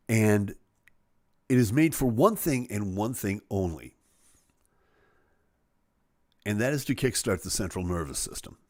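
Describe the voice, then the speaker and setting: Man hosting a live stream: jokey, animated, with a dry, close sound. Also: mid-range voice, no echo. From Chicago. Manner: animated, jokey, acts out voices. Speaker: host of a live show. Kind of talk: casual live-stream chat.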